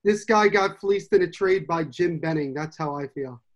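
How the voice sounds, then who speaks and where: A man from New Jersey co-hosting a casual hockey podcast, excitable, swearing and laughing a lot. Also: on the high side, moderate pace, lo-fi sound. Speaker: podcast co-host.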